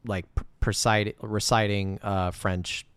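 A man's voice: lowish voice, little pitch movement, a bit bright, clear, resonant tone, no echo. A man co-hosting a casual movie-review podcast, chatty and teasing. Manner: conversational, teasing, quick laughs. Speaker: podcast co-host.

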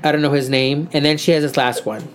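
A woman's voice: deep voice, fairly even intonation, fast talker. A woman co-hosting a casual podcast, chatty and rambling as she recaps news. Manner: chatty, rambling, many fillers. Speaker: co-host.

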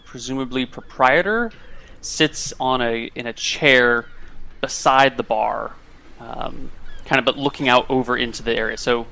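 A man narrating as game master in a tabletop role-playing game, relaxed and halting, with many fillers. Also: mid-range voice, gravelly.

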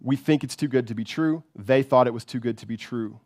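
A man's voice: mid-range voice, fairly quick, darkish tone, dry recording, clean studio sound. A man preaching a sermon with fervor, repeating words and often checking in with "right?". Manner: fervent, repeats words, keeps asking "right?".

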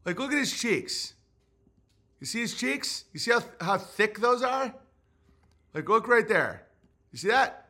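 A man hosting his own show in a loose, rambling comic rant, profane and provocative throughout. His voice sits high for a man and sounds bright and forceful. He doubles back mid-sentence and piles on jokes. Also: animated, measured pace, pauses often. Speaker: podcast host.

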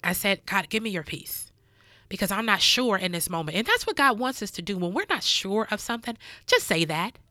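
A woman's voice: mid-range voice, big pitch swings, brisk, pushed and bright, no room sound, clean studio sound. A woman hosting a devotional podcast, teaching in an earnest, preacherly way, repeating key phrases and calling listeners child and baby. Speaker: podcast host.

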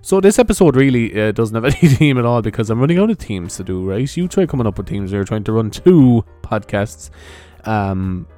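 A young Irish man rambles through his own podcast in a loose, unscripted way, dropping curses and chuckling at his own jokes. His voice sits on the low side, with faint music playing underneath. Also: big pitch swings, brisk, warm tone. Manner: chatty, swears, laughs at own jokes. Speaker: podcast host. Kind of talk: casual rambling monologue.

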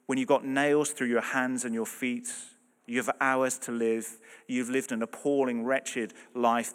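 A man delivers a sermon with earnest emphasis, his voice rising and dropping in loudness to drive his points home. His voice sits at an ordinary middle pitch. The sound carries a long reverb, as if from a large church hall. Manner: earnest, emphatic, swings between loud and soft. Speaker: preacher.

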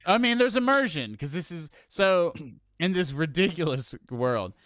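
A man co-hosting a casual movie review chat, ranting in an animated, profane, exasperated way. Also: a little high, unhurried, dry recording, clean studio sound. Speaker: podcast co-host.

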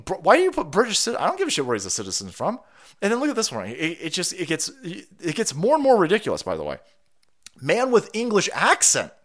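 A man hosting a livestream, delivering heated, profane political commentary and repeating himself for emphasis. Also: sits high. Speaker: livestream host.

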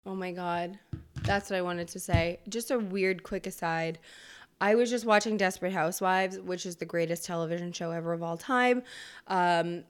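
A woman in her thirties hosting a solo podcast, ranting in a fast, profane, animated way. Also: lowish voice, smooth. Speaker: podcast host.

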